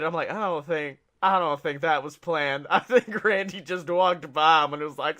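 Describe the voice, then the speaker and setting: A man co-hosting a casual wrestling podcast, excitable and laughing often, slipping into quick impressions as he tells stories. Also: fairly high pitch. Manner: excitable, laughing, doing quick voices of people he talks about. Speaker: podcast co-host.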